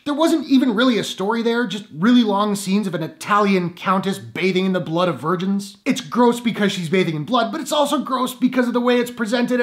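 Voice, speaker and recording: A film reviewer giving a spoken movie review with a sarcastic, wry delivery. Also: medium pitch.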